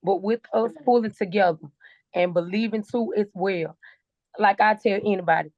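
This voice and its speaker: A woman's voice: medium pitch, normal speed, no room sound. A woman co-host giving a fervent, emphatic testimonial on a video call. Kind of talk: emotional testimonial on a group call. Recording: dull, dry call audio.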